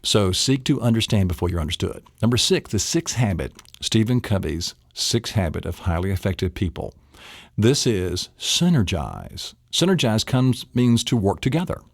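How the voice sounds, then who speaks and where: With a lowish, gravelly voice, big pitch swings and normal speed, a middle-aged memory trainer teaches a memory technique, playfully acting out little scenes in silly voices. The recording is studio quality with no echo.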